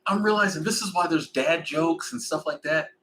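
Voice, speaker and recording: A man in his forties chatting casually on a livestream, rambling and animated. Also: a little high, normal speed, a little hiss or hum, low-quality recording. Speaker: livestream host.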